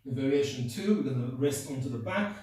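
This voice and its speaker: A male yoga instructor guiding a class, giving calm, steady cues and counting down holds while a little out of breath from demonstrating. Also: medium pitch, fairly quick. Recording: very echoey room, mic far off.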